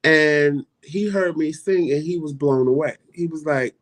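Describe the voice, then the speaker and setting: Give me a man with a fairly high voice, dramatically telling a story in casual chat. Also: a little slow. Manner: animated, dramatic retelling with playful asides. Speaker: co-host.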